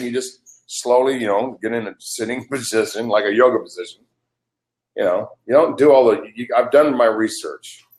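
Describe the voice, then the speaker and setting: An older man in a heated live webcast argument, ranting in an agitated, profane way. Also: medium pitch. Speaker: livestream participant.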